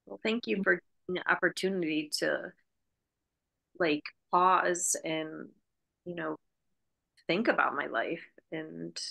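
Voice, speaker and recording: A woman's voice: fairly low pitch, gravelly, bright, forceful tone. A woman in her fifties from New Jersey, a podcast guest speaking reflectively and heartfelt in a casual chat. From United States (New Jersey). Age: 50s.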